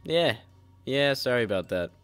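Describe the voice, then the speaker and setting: A laid-back friend who has turned traitor voiced by a man. He talks in a casual, offhand way and stays low-key in this comedic audio drama. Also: expressive, moderate pace, no room sound, faint music behind, close to an everyday voice.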